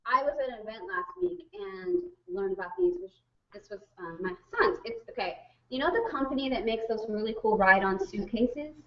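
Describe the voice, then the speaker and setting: A woman co-hosts a casual chat with wry asides. Her voice sits a little high. The sound is muffled and lo-fi. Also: animated, moderate pace, gravelly, distant mic. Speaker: co-host.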